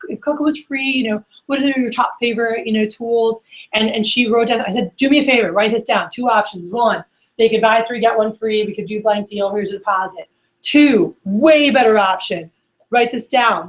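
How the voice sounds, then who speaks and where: On the high side and a little fast, a woman's voice belongs to a sales manager telling stories at a workshop. She acts out the phone calls she quotes.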